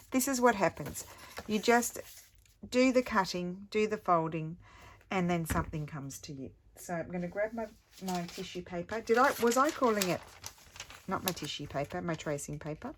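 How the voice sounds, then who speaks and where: A woman's voice: lowish voice, animated, normal speed, slight background noise. A middle-aged woman chatting casually as she crafts, thinking aloud and poking fun at herself. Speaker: craft vlogger. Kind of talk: casual crafting tutorial chat.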